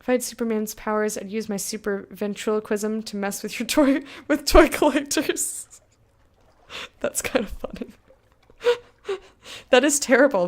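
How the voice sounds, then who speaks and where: A young woman streaming a game, chatting casually with viewers, laughing often and reading game text aloud. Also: mid-range voice. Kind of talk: casual let's-play chat with viewers.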